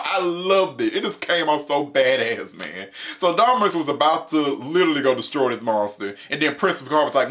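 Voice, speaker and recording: Animated young man reviewing a show. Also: a little hiss or hum. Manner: animated, laughing, pitch jumps up for emphasis; paraphrases characters in quick mock voices. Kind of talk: casual spoken review.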